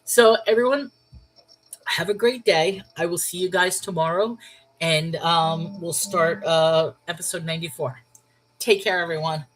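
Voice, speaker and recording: Congested woman, slightly low voice, host reading scripture aloud and musing over it earnestly. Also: fairly even intonation, moderate pace, fairly bright tone, faint music behind, rough recording. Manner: muses aloud, questioning and earnest. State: congested, stuffy-nosed. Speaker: host of a Bible reading show. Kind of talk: scripture reading with casual commentary.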